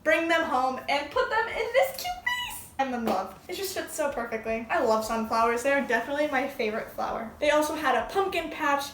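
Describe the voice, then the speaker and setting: A woman's voice: high voice, very animated, fairly quick, few pauses, fairly bright tone, slight background noise. A young woman chatting casually in a crafting vlog, gushing and enthusiastic as she talks. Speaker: vlogger. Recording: echoey room, mic at a distance.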